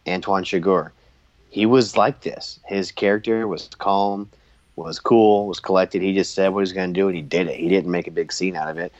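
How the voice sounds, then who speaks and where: A man with a very low voice talks through an old wrestling broadcast in a laid-back podcast chat. The sound is dry and a little dull and lo-fi, with no room behind him. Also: fairly even intonation, normal speed, dry recording. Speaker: podcast co-host. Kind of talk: casual wrestling commentary chat.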